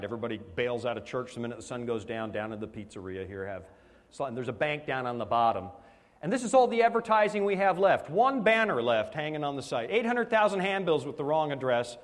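A man's voice: mid-range voice, lively intonation, a little fast. A man preaching a sermon, telling a story with animation and laughing at himself along the way. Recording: hall with long reverb.

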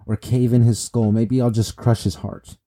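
A man reading the lines of a brutal, menacing male pirate emperor in his own dark voice, slow and low. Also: little pitch movement, natural voice.

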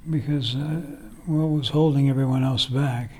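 A man's voice: medium pitch, fairly even intonation, moderate pace, darkish tone. An older man, a songwriter, reflecting at length in a casual interview, rambling with fillers. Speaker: songwriter guest.

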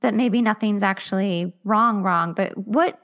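A woman hosting an interview, chatty and enthusiastic as she asks her guest questions. She reacts warmly and talks in a relaxed, conversational way. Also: mid-range voice, a little slow. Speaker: podcast host. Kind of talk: interview chat.

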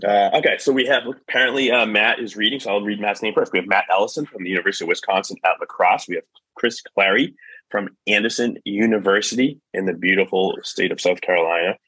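Laid-back husky man introducing students. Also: on the low side, quick pace, pushed and bright, no echo, low-quality recording. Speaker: podcast panelist. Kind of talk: casual panel chat.

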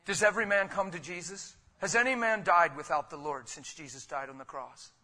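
A man preaching with a fairly high, bright, forceful voice. He talks to his congregation like friends, calling them "man" and "guys". He throws out rhetorical questions and jumps from low, quiet asides to loud, excited bursts. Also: brisk. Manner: conversational, calls listeners "man" and "guys". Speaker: pastor. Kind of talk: sermon.

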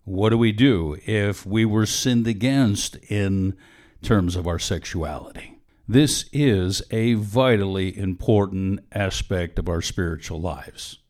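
Male talk host, deep voice, steady serious intro. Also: takes it slowly. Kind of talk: introducing a topic on a Christian talk show.

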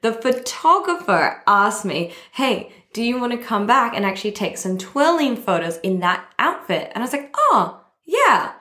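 A woman hosting a podcast, telling a story in a bubbly, excitable way and laughing often. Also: on the high side, normal speed, hardly any pauses, roomy sound. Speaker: podcast host. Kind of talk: casual storytelling chat.

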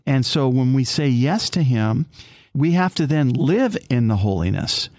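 A man co-hosting a faith talk, urging listeners on with rhetorical questions while his voice swoops up for emphasis. The recording is dry and close-miked. His pitch sits in the middle range. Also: animated, measured pace, darkish tone, no echo. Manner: exhorting, rising emphatic questions. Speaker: co-host. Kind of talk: faith-sharing conversation.

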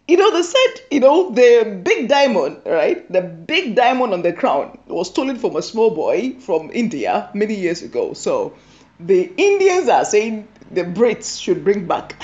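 A woman rambling through a comic monologue with lots of laughter, her pitch swinging up and down all the way. She repeats her lines for effect. The sound is dull and lo-fi. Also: very animated, measured pace, darkish tone. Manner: teasing, laughs often, repeats phrases. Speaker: comedy monologue host.

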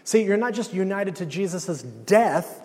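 A man's voice: high-pitched, animated, unhurried, warm tone. A man preaching a sermon as pastor, emphatic, repeating key phrases and adding light humor. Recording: long reverb of a large hall.

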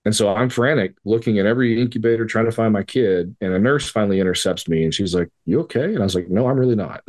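As a guest on a podcast, a man with a lowish voice that's a little mellow relates something that happened to him. His wording is casual and profane, and he acts out the conversation with quoted voices, storytelling conversationally.

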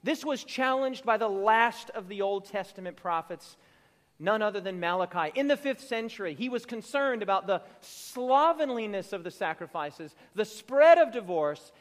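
High-voiced preacher in a reverberant hall. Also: male voice. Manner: preaching with rising emphatic repetition; slow drawn-out quotations. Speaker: pastor. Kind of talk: sermon.

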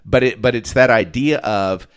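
A man co-hosting a podcast, reading a Bible passage in a calm, even manner and then chatting about it. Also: medium pitch, normal speed, clean tone. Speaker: podcast co-host and reader. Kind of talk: casual chat and scripture reading.

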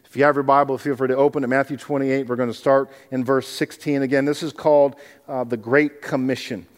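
A man, a pastor, preaching a sermon, animated and acting out scenes from the Bible in other people's voices. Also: mid-range voice, fairly quick, in a large hall.

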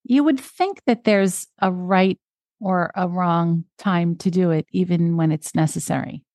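A woman with a lowish voice co-hosts a podcast in easygoing, chatty conversation. The sound is dry and close, with no room behind her. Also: a little slow, no echo. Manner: chatty, relaxed, laughs easily. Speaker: podcast co-host. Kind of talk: casual chat.

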